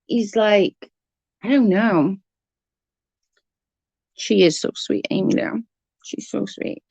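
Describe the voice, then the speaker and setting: A woman's voice: medium pitch, slow, vocal fry, a little mellow, slightly rough, dry recording. Chatty woman live-streaming. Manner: chatty, reads and answers chat messages; blunt, swears when annoyed. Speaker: livestream host. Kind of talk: casual live-stream chat.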